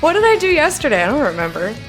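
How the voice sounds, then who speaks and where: Giggly woman streamer chatting w/ her chat, high voice that jumps all over, slow easy pace. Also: wildly swooping pitch, over music. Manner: giggly, laughs hard and often; chatty, reads and answers chat. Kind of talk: casual live-stream chat.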